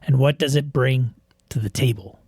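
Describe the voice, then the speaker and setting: A man's voice: mid-range voice, moderate pace, a little mellow, slightly rough, no room sound, clean studio sound. A man co-hosting a casual podcast, chiming in with brief joking asides. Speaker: podcast co-host.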